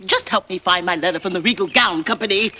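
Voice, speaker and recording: A woman playing a vain, bossy queen in a children's TV musical comedy, imperious and quick to anger. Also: lowish voice, sharp tone, slight background noise. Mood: impatient.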